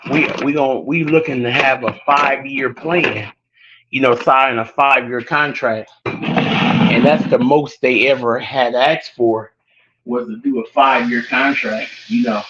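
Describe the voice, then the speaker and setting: A man casually retelling a movie plot, a little wheezy and out of breath, now and then acting out lines in a high excited voice. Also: a little hiss or hum. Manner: animated storyteller, acts out quotes in a high excited voice. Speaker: online show host. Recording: dull lo-fi sound.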